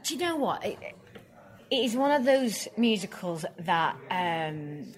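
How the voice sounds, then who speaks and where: Chatty northern English actress. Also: female voice, mid-range voice, a little slow. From northern England. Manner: chatty, laughing, animated. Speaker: musical theatre actress. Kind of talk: casual interview chat.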